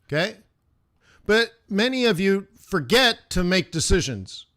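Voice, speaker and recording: A man with a slightly high voice, teaching a live trading session. He talks straight to his viewers in a casual way and fires off quick questions. He often chants price moves in short rhythmic bursts. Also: big pitch swings, a bit bright. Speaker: forex trading instructor.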